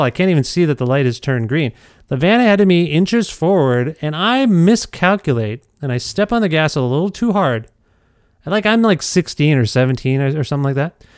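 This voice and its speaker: Animated man telling a story. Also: fairly high pitch, clean tone, no room sound, clean studio sound. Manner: animated, self-deprecating, nervous restarts. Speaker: podcast storyteller. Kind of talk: casual storytelling.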